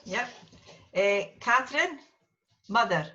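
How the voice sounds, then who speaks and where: A woman teaches a small class at an unhurried pace, her bright, clear voice calling on learners one by one and patiently correcting how they say each word. The recording is dull and lo-fi. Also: mid-range voice, expressive, faint music behind. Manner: patient, drills students by name and corrects pronunciation. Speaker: language teacher.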